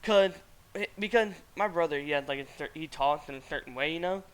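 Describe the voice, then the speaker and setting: A man's voice: on the high side, brisk, a bit bright, clean tone. A man hosting a casual streamed podcast, telling a rambling story with frequent laughter. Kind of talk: casual chat.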